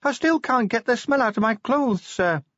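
A male narrator voicing a nervous, cheerful young female dwarf constable in an audiobook, speaking eagerly and quickly. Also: very high-pitched, expressive, a bit bright, no echo, lo-fi sound, pitched above the performer's own voice, heavily acted. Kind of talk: audiobook character voice.

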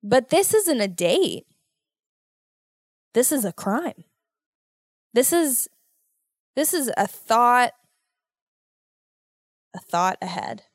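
A woman hosting a casual solo podcast, talking in an animated, worried, motherly way and exaggerating her fears. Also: a little high, drawn-out words, pauses often, no echo, studio quality. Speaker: podcast host.

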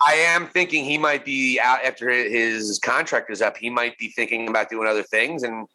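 A man co-hosting a casual wrestling podcast, animated and laughing, tossing in quick impressions of people. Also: medium pitch, poor audio. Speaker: podcast co-host.

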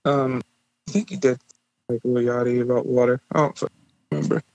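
A man of middle pitch chats loosely on a podcast, joking and swearing casually as he recommends music. His voice is dry and close, with no room sound. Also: fairly even intonation, a little fast, a little mellow, no echo, low-quality recording. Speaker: podcast co-host. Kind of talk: casual chat.

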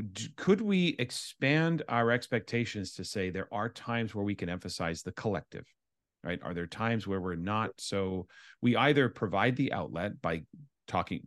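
A man's voice: fairly low pitch, dry recording, studio quality. A man from Canada, an education consultant, explaining his ideas earnestly as a guest in an interview. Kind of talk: interview conversation.

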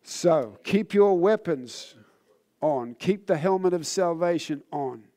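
A man preaching with a voice pitched a little high. He speaks earnestly and sounds a little tired. His sermon climbs into fervor and then sinks to low, solemn exhortation. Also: expressive, slow, dark tone. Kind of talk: sermon with personal testimony.

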